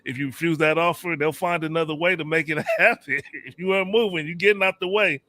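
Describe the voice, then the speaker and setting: A man's voice: on the high side, quick pace. A man hosting a casual panel podcast, steadily explaining points and citing numbers. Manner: steady, explains and cites figures. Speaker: podcast host and moderator.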